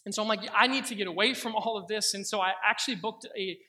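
A young man preaches a sermon built around a personal testimony. His voice sits high and sounds bright and forward. He tells the story earnestly and slows down when he quotes his prayers. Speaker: pastor.

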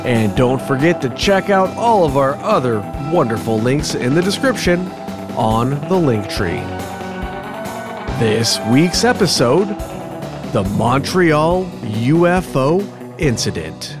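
A man's voice: mid-range voice, sing-song, takes it slowly, over music. A man co-hosting a podcast, reading the show's announcements and then chatting loosely with his partner. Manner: reads show announcements, then chats loosely. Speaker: podcast co-host. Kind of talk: casual podcast chat.

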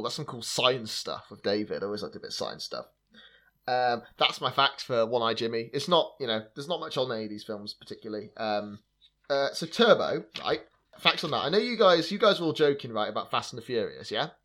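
Man, podcast host, casual chat, wry, sarcastic, middle pitch, lots of fillers. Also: big pitch swings, brisk, sharp tone. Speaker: podcast host sharing film trivia.

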